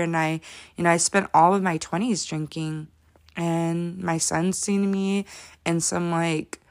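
A woman in her thirties talking candidly to camera as she answers follower questions, emotional and sometimes close to tears, with lots of fillers. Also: fairly low pitch. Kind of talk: casual confessional talk to camera.

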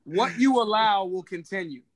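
A man's voice: high voice, animated, moderate pace. A man co-hosting a podcast, talking in a brash, emphatic way with plenty of profanity. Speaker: podcast co-host. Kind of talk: casual podcast chat.

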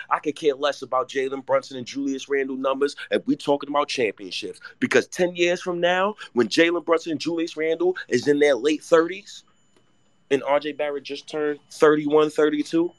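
A man's voice: medium pitch, no room sound, clean studio sound. A man arguing in a heated sports debate, exasperated and profane, repeating himself as he cuts others off. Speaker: sports show panelist.

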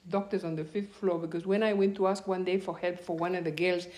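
A woman's voice: on the low side, fast. A woman telling a personal story in an interview, acting out the dialogue and laughing often as she goes. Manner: animated, acts out quoted dialogue.

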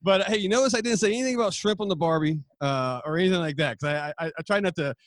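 A man's voice: high-pitched, fast, no room sound, clean studio sound. A man from Arizona, a podcast guest in casual chat, talking in a laid-back, rambling way. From Phoenix, Arizona.

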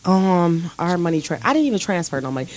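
Woman co-host, rapid profane storyteller, dry close sound. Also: on the low side, big pitch swings, darkish tone, dry recording. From Detroit. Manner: brash, profane storytelling with acted-out quotes. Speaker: podcast co-host. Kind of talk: casual chat.

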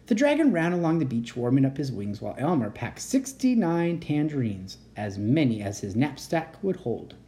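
Expressive children's-book reader, mellow voice. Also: mid-range voice, normal speed, hardly any pauses. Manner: expressive, animated narration. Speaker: storybook reader. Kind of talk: reading a children's chapter book aloud.

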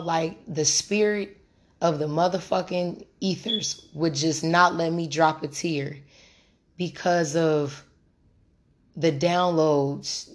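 A woman in her late twenties with a deep, hoarse voice, hosting a casual spiritual podcast, candid and profane as she speaks straight to listeners. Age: late 20s. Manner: candid, profane, conversational, addresses listeners directly. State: hoarse, recovering from lost voice. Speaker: podcast host and tarot reader.

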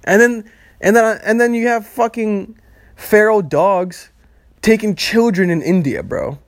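A man's voice: high-pitched, measured pace, no echo. A young man hosting a solo podcast, rambling and swearing freely and laughing at his own jokes. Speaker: podcast host. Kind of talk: casual solo podcast rant.

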